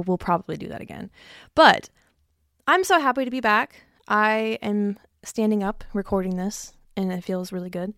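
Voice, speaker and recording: A woman's voice: medium pitch, normal speed, a bit bright, dry recording, clean studio sound. A young adult woman hosting her own podcast from her basement, chatty and self-mocking, swearing freely and short of breath. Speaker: podcast host. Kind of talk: casual solo podcast chat. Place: home basement.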